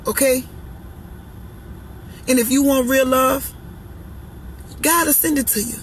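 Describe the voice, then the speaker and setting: A woman's voice: high-pitched, slow pace, slight background noise, low-quality recording. A woman speaking her mind in a casual monologue, blunt and sassy, hammering her points by repeating them. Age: adult, parent of children. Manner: emphatic, preachy, repeating lines for effect. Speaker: vlogger giving relationship opinions.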